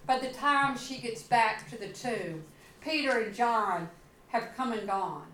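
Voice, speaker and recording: Slow, dramatic woman pastor in echoey church. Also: on the high side, expressive, fairly bright tone, a little hiss or hum. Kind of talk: sermon. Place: church sanctuary.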